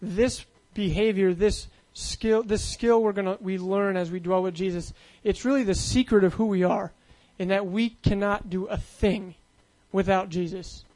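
A man's voice: sits high, fairly even intonation, moderate pace, hardly any pauses, darkish tone, poor audio. A man preaching a sermon in a loose, conversational way, full of fillers and asides.

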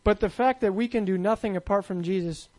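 A man with a high, light voice delivers a sermon in an easygoing, conversational style. He talks like he's chatting with friends, peppering his preaching with fillers and asides. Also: fairly quick, a little mellow, low-quality recording.

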